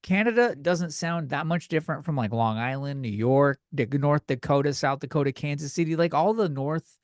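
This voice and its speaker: A man's voice: a little high, moderate pace, no echo, clean studio sound. A man with a Californian accent hosting a podcast, chatting in a joking, rambling, profane way. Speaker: podcast host. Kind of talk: casual comedic chat.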